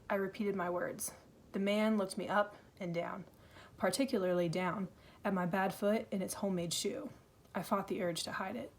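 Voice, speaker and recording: A woman reading a first-person novel aloud, in an earnest, steady storytelling manner. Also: medium pitch. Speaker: audiobook reader.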